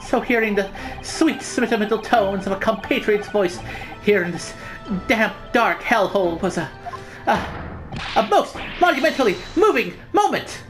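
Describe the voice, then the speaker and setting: A woman's voice: medium pitch, animated, normal speed, music in the background, natural voice, low-quality recording. A woman voicing a dramatic, paranoid young Japanese male student who talks in grandiose alliterative flourishes while reading a game aloud. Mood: theatrical. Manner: grandiose, alliterative, theatrical outbursts.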